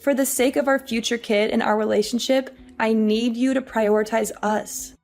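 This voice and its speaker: An actress playing an exhausted young working wife, weary and pleading. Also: female voice, a little high, fairly even intonation, normal speed, a little mellow, soft background music, lightly acted. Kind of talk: audio drama acting.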